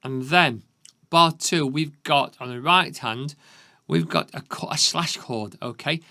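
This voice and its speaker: A man with a Yorkshire accent gives a beginner piano lesson, counting beats out loud and often asking "okay?" to check in. His medium-pitched voice is animated and a little slow, with loud piano music playing underneath.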